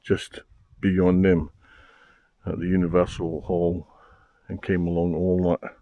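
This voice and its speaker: A man's voice: deep voice, little pitch movement, takes it slowly, no room sound, highs cut off. An older Scottish man, a race sweeper, chatting casually and wryly to camera while cycling a coastal trail outdoors. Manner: chatty, wry and self-mocking. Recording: faint outdoor noise.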